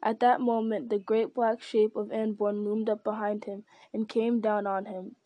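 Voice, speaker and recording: A woman narrating a story in a steady, measured reading. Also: medium pitch, no room sound, highs cut off. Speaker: audiobook narrator. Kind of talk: scripted narration.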